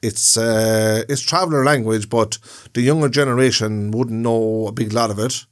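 A man's voice: mid-range voice, fairly even intonation, moderate pace. An Irish man co-hosting a podcast, explaining things in a rambling way and repeating himself. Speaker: podcast co-host. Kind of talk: casual chat.

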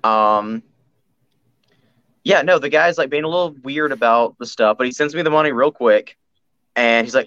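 A man guesting on a podcast in casual chat, telling an anecdote in a laid-back way and slowing down to stress details. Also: mid-range voice, a bit bright, clear, resonant tone, no echo, lo-fi sound.

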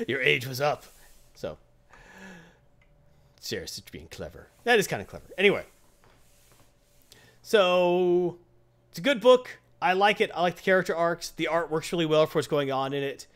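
Animated man rambling through a review. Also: on the high side, moderate pace, long pauses. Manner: rambling, animated, acts out voices in a joke. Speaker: comic book reviewer. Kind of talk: casual review chat.

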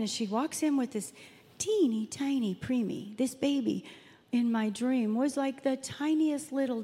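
A woman's voice: fairly high pitch, darkish tone. A woman pastor preaching a sermon in a church, telling a story in a conversational way and acting out the quotes. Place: church sanctuary. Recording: long hall reverb.

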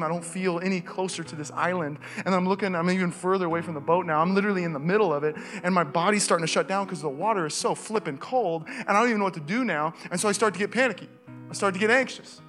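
Bright, high-voiced Californian pastor. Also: male voice, steady tone, fast, soft background music. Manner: casual, storytelling, rising to shouted urgency. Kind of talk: sermon with personal story. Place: church stage.

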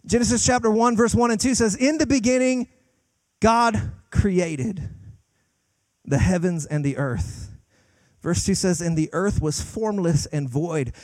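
Young guy preaching, kinda high voice, goes fast then really slow and stretched out, dead dry mic. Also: darkish tone, no room sound. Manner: emphatic, swings from fast bursts to slow drawn-out lines; repeats words when starting sentences. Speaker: guest pastor. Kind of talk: sermon.

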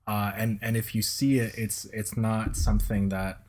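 A man's voice: on the low side, little pitch movement, normal speed, a little mellow. A man co-hosting a casual podcast chat as a watch reviewer, speaking hesitantly with many restarts.

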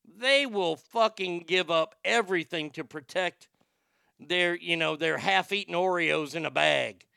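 Brief: high-pitched, bright-voiced man, profane and sarcastic comedy host. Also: unhurried, vocal fry, clean tone, dry recording, clean studio sound. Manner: profane, sarcastic, rambling with restarts. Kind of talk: crude comedic rant.

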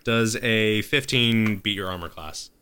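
A man's voice: lowish voice, a little slow, sharp tone, a little hiss or hum. A man narrating as game master of a tabletop game, improvising the action and stopping to correct himself.

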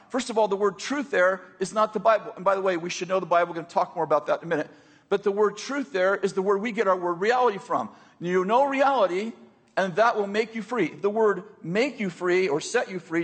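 An American man preaching with a husky, slightly breathy voice that sits high for a man. He keeps it conversational and joking and often turns to his listeners to check they follow. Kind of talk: sermon.

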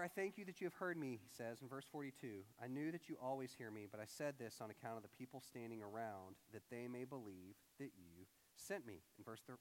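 A young man preaching a casual, conversational sermon as a pastor, animated and acting out quoted voices. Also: mid-range voice, long reverb tail.

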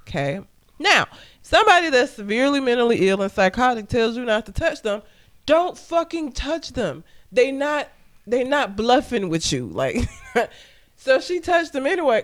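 A man's voice: high voice, fairly bright tone. A man co-hosting a casual chat show, telling stories from work in a blunt, profane way and laughing often. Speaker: podcast co-host.

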